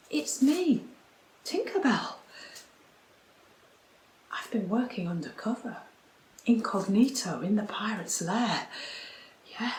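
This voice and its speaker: A woman's voice: medium pitch, darkish tone. A woman in an amateur pantomime radio play, playing a cheeky female fairy who goes undercover with the pirates, chatting conspiratorially like a newsreader and dropping pirate slang. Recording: roomy room with faint background hiss.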